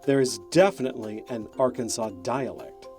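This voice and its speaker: A man reads scripted documentary narration at a middle pitch. He is measured and explanatory, and faint music plays under his voice. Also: warm tone.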